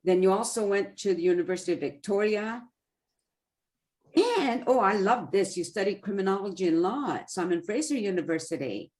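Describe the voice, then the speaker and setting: A woman hosting an interview over a video call, chatty and quick to apologize, with self-deprecating asides. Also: mid-range voice, lively intonation, darkish tone. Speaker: interview host. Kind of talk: casual conversational interview.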